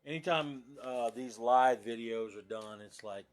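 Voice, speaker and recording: Guy rambling slow on a phone live stream, laid back, lots of ums and likes. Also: mid-range voice. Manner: rambling, easygoing, many fillers. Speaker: vlogger. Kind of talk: casual live video chat. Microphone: phone camera propped nearby.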